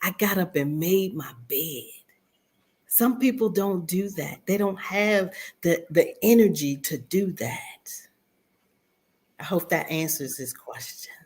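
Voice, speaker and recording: Earnest woman guest on talk radio; slow, low-set, motivational delivery. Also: lively intonation, darkish tone, breathy edge. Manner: earnest, repeats words, motivational. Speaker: guest speaker. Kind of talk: radio interview answers.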